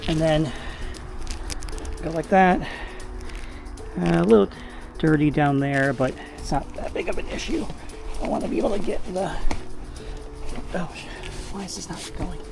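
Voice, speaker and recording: A man's voice: a little high, moderate pace, gravelly, long pauses, over music. A man casually narrating as he cleans, rambling with fillers and self-corrections, a bit out of breath, inside a camper van on a camera mic that he moves around. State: slightly out of breath from working. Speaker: vlogger. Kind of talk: casual narration while working.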